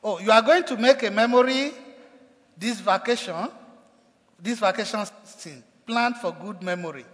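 Speaking at a moderate pace, this man has a high, fairly bright voice as he preaches from the pulpit. He dramatizes quoted cries with mounting intensity, and the sound reverberates through an echoey hall.

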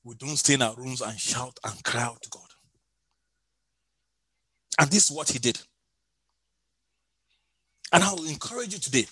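A male preacher delivers a sermon in a bright, forceful voice, pitched a little high. He presses his points by repeating them, sometimes swelling into a sung cadence. The sound is close and dry. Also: sing-song, moderate pace, long pauses, husky, no echo, rough recording. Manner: emphatic, repeats key phrases, sings out some lines.

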